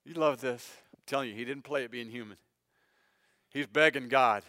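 Male pastor, sermon, earnest direct address, loud-to-hushed swings, smooth resonant voice, dry sound. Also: normal speed, no room sound. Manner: dramatic swings between loud emphasis and hushed low phrases.

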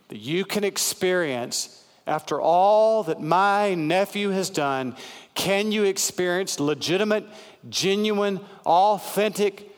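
Guy preaching a sermon real slow and emphatic, kinda high voice, big echoey hall. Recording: long hall reverb.

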